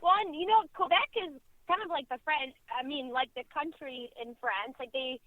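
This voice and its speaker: A woman's voice: high voice, normal speed, no echo, phone-quality sound. A woman, a radio co-host telling rambling stories in casual chat, full of "like". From Canadian prairies. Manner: chatty rambling storyteller, many "like"s.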